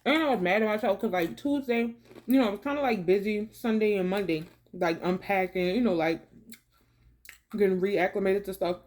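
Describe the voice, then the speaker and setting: A woman chats casually to camera in a storytelling vlog. She talks in a relaxed, slangy way, calling her viewers baby and y'all. She eats her meal between stories. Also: medium pitch, normal speed. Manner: eating while talking. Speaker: vlogger.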